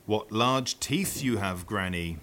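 A man's voice: fairly low pitch, lively intonation, slow pace, a bit bright, a little hiss or hum. A man voicing a polite, matter-of-fact young girl in a children's play.

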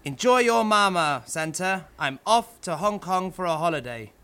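Guy doing mrs claus, fed up and scolding, bright lively voice, takes her time. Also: high voice, moderate pace, clear, resonant tone, full character voice. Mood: indignant. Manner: scolding, indignant. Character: nagging fed-up wife of Santa. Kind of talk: storybook character voice.

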